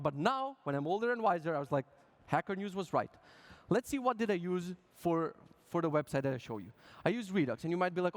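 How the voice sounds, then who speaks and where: A man with a fairly high voice gives a humorous talk on stage at a conference. He jokes with the crowd, swears casually, and acts out little quoted voices as he goes. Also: animated, fast. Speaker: conference speaker.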